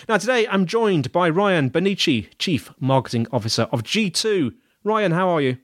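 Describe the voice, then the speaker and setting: A man's voice: high-pitched, expressive, moderate pace, few pauses, fairly bright tone. A man hosting a podcast interview, with dry jokes and a bit of stammering. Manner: dry, joking, some stammering. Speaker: podcast host.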